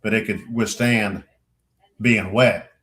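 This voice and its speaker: In a low, slow voice, a middle-aged podcast crew member rambles through service stories during a casual chat. He swears freely and animatedly acts out what others said, often restarting sentences and saying "you know."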